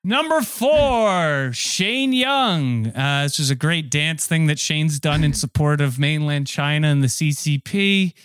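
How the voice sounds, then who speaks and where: A man hosting a comedy podcast, reading a silly list in a deadpan, rambling way. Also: a little high, slow pace, few pauses, clean tone, dry recording. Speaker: podcast host.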